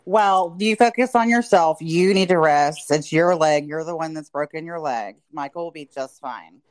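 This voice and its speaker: Low-voiced woman podcast host. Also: normal speed, no room sound. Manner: supportive, asks questions, says "mm-hmm" often. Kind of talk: casual chat.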